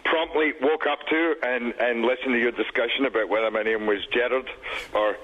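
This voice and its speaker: A man's voice: medium pitch, steady tone, brisk, narrow, tinny audio, a crowd in the background. A man calling in to a radio show, joking playfully in casual phone chat. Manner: jokey, playful. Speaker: celebrity caller. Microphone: phone line.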